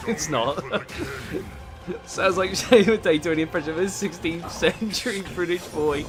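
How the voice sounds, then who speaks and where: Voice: medium pitch, normal speed, over music. A livestreamer reacting live to game trailers, sarcastic and exclamatory, full of jokes.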